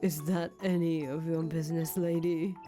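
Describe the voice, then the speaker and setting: A woman's voice: low voice, fairly even intonation, normal speed, dark tone, soft background music, pitched below the performer's own voice, natural voice. A woman voicing a rude, guarded village boy who talks in a curt, mocking drawl, in a fan voice acting of a visual novel. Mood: scornful.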